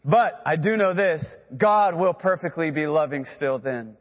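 A man's voice: fairly high pitch, animated, unhurried, big-room sound, muffled recording. A man preaching a sermon as pastor, earnest and direct, who has the congregation repeat phrases after him.

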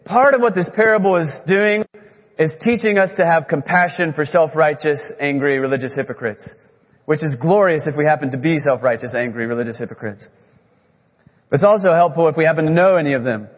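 A man preaching a sermon as a pastor, earnest, leaning on key words with slow, emphatic phrasing. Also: fairly high pitch. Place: church sanctuary. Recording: echoey hall, muffled sound.

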